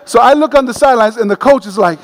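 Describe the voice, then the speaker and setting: A man delivers a sermon with a high, bright-sounding voice and a storyteller's lively humor. His words ring out with the long reverb of a large hall. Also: fast talker. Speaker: preacher.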